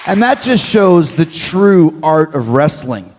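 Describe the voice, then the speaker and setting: A man from Canada, a guest telling stories in an interview, lively and acting out quotes with bits of swearing. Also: fairly high pitch, slow pace, long reverb tail, some chatter behind. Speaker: interview guest, former wrestler. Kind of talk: animated storytelling.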